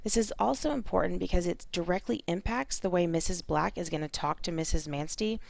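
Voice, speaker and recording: A woman teacher explaining a reading lesson in a clear, methodical way. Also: on the low side, fairly quick.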